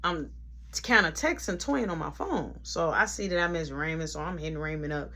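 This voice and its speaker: A man telling a casual storytime story, animated and conversational, with frequent asides. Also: a little high, normal speed.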